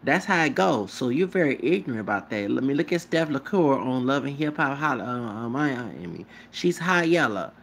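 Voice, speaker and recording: Gravelly man ranting in a rambling way. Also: mid-range voice, animated, moderate pace, few pauses, fairly bright tone, slight background noise. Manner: rambling and repetitive, with emphatic asides. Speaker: vlogger. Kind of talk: casual rant to camera.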